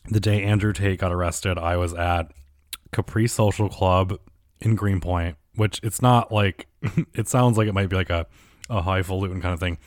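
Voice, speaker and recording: A low-pitched man, recorded with clean studio sound and no room noise, gives a sarcastic year-in-review commentary. He rambles casually, swears, and fills his speech with constant fillers.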